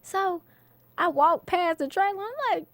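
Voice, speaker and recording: A woman, an actress, being interviewed and telling lively stories about her work, laughing often and acting out quotes. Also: very high-pitched, measured pace, a little hiss or hum. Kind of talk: casual interview storytelling.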